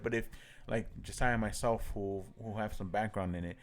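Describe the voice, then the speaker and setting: A man's voice: medium pitch, fairly even intonation, fast, hardly any pauses. A young man co-hosting a podcast, talking eagerly and casually, often repeating words as he gets going. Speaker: podcast co-host. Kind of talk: casual chat about comics and movies.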